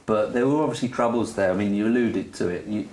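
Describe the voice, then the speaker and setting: A man's voice: on the low side, fast talker, darkish tone, a little hiss or hum. A man hosting a football interview podcast in a recording studio, chatty and thorough, restarting his questions often. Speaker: podcast host.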